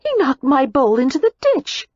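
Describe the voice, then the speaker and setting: A woman narrator voicing a spirited, quick-tempered young American heiress, speaking breezily and indignantly. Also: fairly high pitch, animated, a little mellow, husky, no echo, dull audio, pitched above the performer's own voice.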